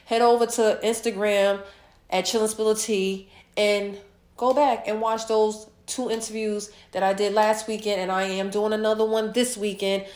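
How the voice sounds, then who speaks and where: A woman hosting her own podcast, chatting casually and warmly about her week, stuffed up from a sinus infection. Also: mid-range voice, flat delivery, moderate pace, echoey room. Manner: chatty, repetitive, heartfelt. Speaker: podcast host. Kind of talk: casual solo podcast chat.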